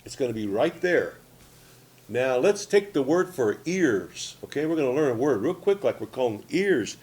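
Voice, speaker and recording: A man in his sixties from Oklahoma teaches a spoken lesson, his voice sitting at an ordinary middle pitch. He talks simply and repeats himself, often pausing to ask "okay?" or "see?". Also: sing-song, a little mellow. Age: 60s. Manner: plain-spoken, repetitive, frequent "okay?" and "see?" checks. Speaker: language teacher.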